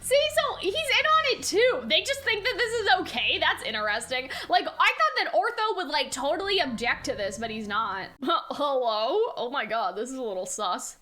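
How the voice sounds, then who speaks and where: A woman's voice: sits high, sing-song, normal speed, hardly any pauses, sharp tone. Chatty, giggly woman streamer. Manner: chatty, giggly, thinking aloud. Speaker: streamer reacting to a game. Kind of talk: casual reaction commentary.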